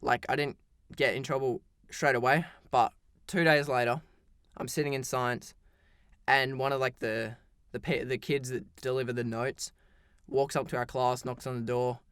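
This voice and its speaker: A man's voice: mid-range voice, little pitch movement, moderate pace, a bit bright, smooth, dry recording, studio quality. A teenage boy telling a story in a casual, rambling storytime style, full of "like" and restarts. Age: teens. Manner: rambling, heavy use of "like", frequent restarts.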